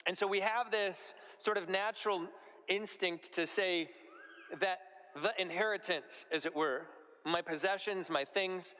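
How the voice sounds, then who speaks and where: A man preaching a homily with a high, bright voice that rings out through a long church reverb. His delivery is casual and conversational, leaning on plain everyday comparisons rather than formal oratory. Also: a little slow. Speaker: priest. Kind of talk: sermon. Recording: echoey church hall.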